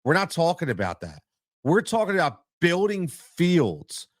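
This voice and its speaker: A man's voice: a little high, wildly swooping pitch, unhurried, no echo, studio quality. Blunt, emphatic man hosting a podcast. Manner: emphatic, repeats points for stress; blunt, plain-spoken. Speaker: podcast host and youth coach. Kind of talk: solo podcast commentary.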